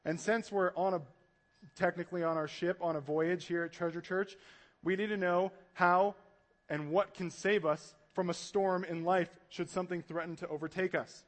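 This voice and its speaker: A man preaching a sermon as pastor, animated and conversational, acting out panicked voices as he tells the story. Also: high voice, normal speed.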